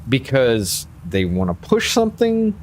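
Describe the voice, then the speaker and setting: A man's voice: mid-range voice, wildly swooping pitch, measured pace, slight background noise. A tipsy man, hosting a casual conversation, arguing emphatically and swearing freely. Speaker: host.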